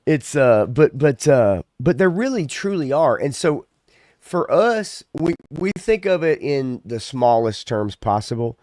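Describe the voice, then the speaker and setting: A man's voice: medium pitch, big pitch swings, measured pace, darkish tone, no room sound, clean studio sound. A man co-hosting a casual podcast, talking in a loose, ranting way with plenty of swearing. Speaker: podcast co-host. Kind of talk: casual chat.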